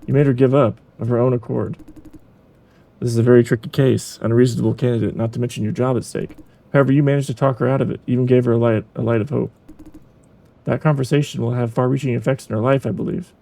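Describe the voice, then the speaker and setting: A man voicing a calm, encouraging male supervisor in a game, speaking in a measured way. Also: mid-range voice, creaky, lightly acted. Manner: measured, reassuring. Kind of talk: reading a game's dialogue aloud.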